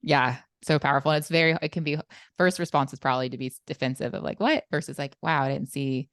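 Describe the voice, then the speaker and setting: Very deep-voiced woman podcast host. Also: steady tone, quick pace, dry recording, studio quality. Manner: short affirming responses and follow-up questions. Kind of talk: casual podcast interview.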